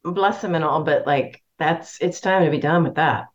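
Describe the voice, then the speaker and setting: A woman chatting as a podcast guest, dropping quick wry quips. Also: deep voice. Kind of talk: casual podcast chat. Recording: dull lo-fi sound.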